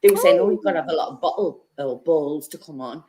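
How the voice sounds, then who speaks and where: A woman with a Liverpool accent calling into a live stream, chatting in a lively, casual way. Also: sits low, fast talker. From Liverpool, England. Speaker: caller.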